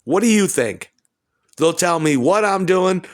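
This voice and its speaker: A man's voice: high voice, lively intonation, a little slow. A man at home delivering an agitated, profane, rambling rant. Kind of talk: rambling monologue to camera. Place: at home indoors.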